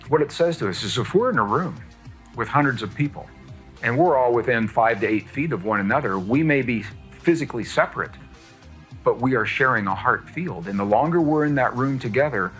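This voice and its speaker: A man giving a lecture-style talk, explaining in a measured, deliberate way. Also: mid-range voice, expressive, fairly bright tone, faint music behind. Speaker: speaker on science and spirituality.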